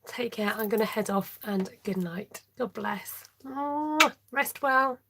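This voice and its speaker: A woman's voice: on the high side, slow pace, vocal fry, heavy background noise. Chatty woman crafting live. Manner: chatty, laughs often, reads out viewer votes. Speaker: card-making livestream host. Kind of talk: live crafting tutorial chat.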